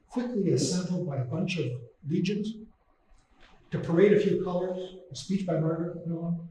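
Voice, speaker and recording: A Canadian guest lecturer gives an impassioned, indignant public lecture with slides, hammering his points home through repetition. His fairly high, darkish voice echoes around a very reverberant hall, picked up from far off with a faint hiss beneath it.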